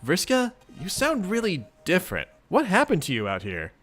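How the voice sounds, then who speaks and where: A young troll girl, direct and inquisitive, played by a man reading aloud. The pitch sits a touch above his usual voice and moves freely. Quiet music plays low behind her. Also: huge pitch swings, moderate pace, breathy edge, heavily acted. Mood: puzzled.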